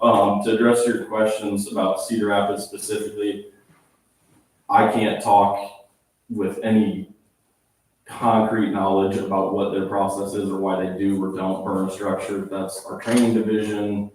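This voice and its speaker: Firm fire chief speaking in an echoey hall. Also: male voice, low-pitched, a little mellow, slight background noise. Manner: firm, defensive, repeats "okay?". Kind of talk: public comment at a council meeting. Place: small town council chamber. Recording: echoey room from far off.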